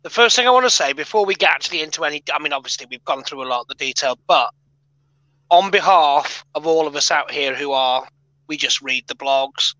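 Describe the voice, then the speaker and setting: A man's voice: fairly high pitch, animated, a little fast, pushed and bright, dry recording, highs cut off. A man with a British accent, a guest on a casual livestream, talking in an effusive, joking way. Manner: effusive, jokey, congratulatory.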